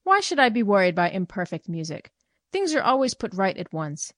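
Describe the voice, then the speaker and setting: A woman voicing a fussy, indignant woman who is easily irritated, shrill and petulant. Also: sing-song, fairly quick, no echo, studio quality, lightly acted.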